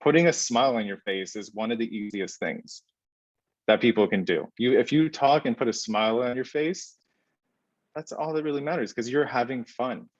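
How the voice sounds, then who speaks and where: A man giving relaxed, conversational answers as a podcast guest, with many fillers and deliberate pauses. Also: mid-range voice, no echo, muffled recording.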